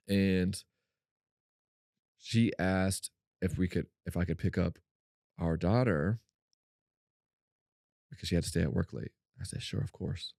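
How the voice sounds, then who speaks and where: Man, low voice, dark tone, animated storytelling, dry sound. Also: dry recording. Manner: animated storyteller, acts out quotes in a high voice. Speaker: podcast co-host. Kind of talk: faith-based podcast storytelling.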